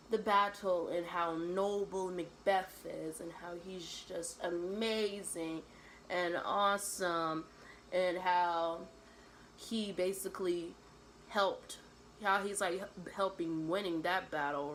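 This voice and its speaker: Slow, slangy woman retelling a play. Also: lowish voice, fairly bright tone, slight background noise, poor audio. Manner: slangy, often adds "right?". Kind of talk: casual slangy play summary.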